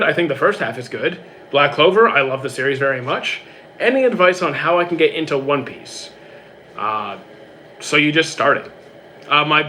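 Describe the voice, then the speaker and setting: A young man hosts a live stream, reading viewers' questions aloud and answering each one fast and casually. His voice is bright and sits a little high for a man. A faint room hum runs under the recording. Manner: quick, reads questions aloud then answers briefly.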